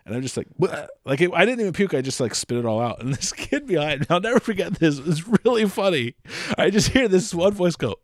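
A man's voice: on the high side, fast, dry recording. Guy telling a story w/ lots of ups and downs in his voice, dry close sound. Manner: animated, laughing while telling a story. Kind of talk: casual storytelling chat.

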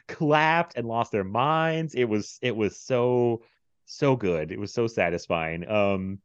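A man's voice: on the low side, normal speed, no room sound, lo-fi sound. A man hosting a casual movie podcast, chatty and laughing often. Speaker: podcast host.

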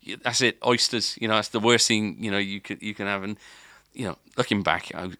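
A man's voice: fairly low pitch, brisk, pushed and bright, no echo, studio quality. A man telling a long story on a podcast, rambling and restarting often. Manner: rambling, lots of filler and restarts. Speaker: podcast co-host. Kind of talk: casual storytelling.

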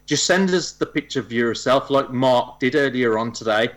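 A man's voice: mid-range voice, normal speed, fairly bright tone. A man co-hosting a gaming podcast, explaining a listener contest in a giggly, self-deprecating way. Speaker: podcast co-host.

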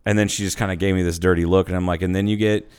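A man's voice: sits low, level tone, very fast, clear, resonant tone. A man co-hosting a podcast, joking crudely and acting out the people in his stories in casual chat. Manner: joking, crude, acts out quoted voices. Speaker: podcast co-host.

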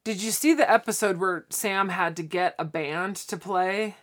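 This podcast co-host, a woman with a medium-pitched voice and moderate pace, casually recaps a sitcom. She tells it with animation, acting out the characters' lines.

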